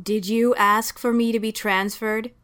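A woman's voice: fairly high pitch, little pitch movement, measured pace, clear, resonant tone. A woman voicing an angry female police sergeant in a storybook reading, speaking sharply and snapping her words. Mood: furious. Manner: sharp and snapping, rising to shouts.

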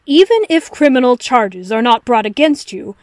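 A woman's voice: fairly high pitch, moderate pace, a little mellow, no echo, natural voice. Woman reading as a cutting, arrogant male detective. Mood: lecturing. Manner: crisp, lecturing, dismissive. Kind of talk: audiobook reading of fan fiction.

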